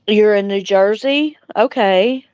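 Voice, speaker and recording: An older woman from Louisiana hosting a casual livestream chat, speaking slowly and tenderly with soft chuckles, tearful at times. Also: mid-range voice, smooth, no echo, lo-fi sound. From Louisiana, USA. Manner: slow, tender, chuckling between lines. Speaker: livestream host.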